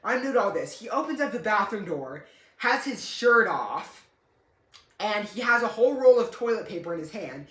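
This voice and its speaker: A man's voice: high voice, very animated, normal speed, sharp tone. A young man casually telling a story, rambling and correcting himself, with a dry, joking humor. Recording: echoey room.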